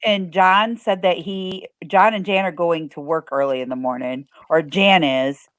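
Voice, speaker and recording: A woman chatting casually with friends on a video call, teasing and quick to laugh. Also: lowish voice, no echo, studio quality. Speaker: friend in a group live chat. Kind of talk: casual chat.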